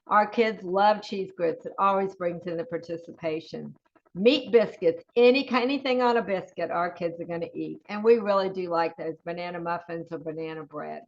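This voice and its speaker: A woman's voice: on the low side, moderate pace, darkish tone, muffled recording. Enthusiastic Southern woman presenting a webinar. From Southern United States. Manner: enthusiastic, lists menu items, chatty asides. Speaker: webinar presenter, school nutrition.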